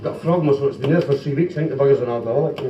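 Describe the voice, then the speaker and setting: A Scottish stand-up comic and singer tells jokes, sings comic songs and trades playful banter at a live club show in a police social club function room. His medium-pitched voice moves very fast, captured from a distance in a dull, roomy 1970s live recording. Heavy background noise includes band music and a laughing audience.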